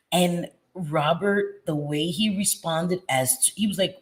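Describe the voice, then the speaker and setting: A woman in her forties chatting casually with viewers while doing her makeup, playful and quick to laugh. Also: on the low side. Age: 40s. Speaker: beauty vlogger.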